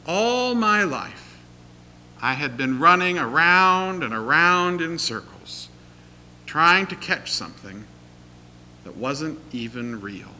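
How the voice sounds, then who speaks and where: A man's voice: fairly high pitch, big pitch swings, takes it slowly, bright, forceful tone, a little hiss or hum, heavily acted. A man voicing an old retired male racing greyhound, who speaks courteously and reflectively in a storytelling sermon. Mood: wistful.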